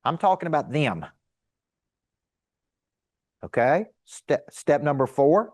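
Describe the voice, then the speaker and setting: A man's voice: a little high, slow, no room sound, studio quality. Emphatic man coaching a seminar. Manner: energetic, emphatic, rhetorical questions. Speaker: sales coach. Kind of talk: live seminar teaching. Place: room with a live audience.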